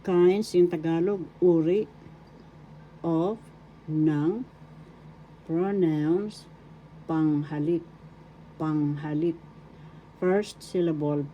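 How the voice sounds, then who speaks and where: Slow, deep-voiced woman teacher. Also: fairly even intonation, mellow, a little hiss or hum, low-quality recording. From Philippines. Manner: repeats words and spells them out syllable by syllable. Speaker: language teacher. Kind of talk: spoken language lesson.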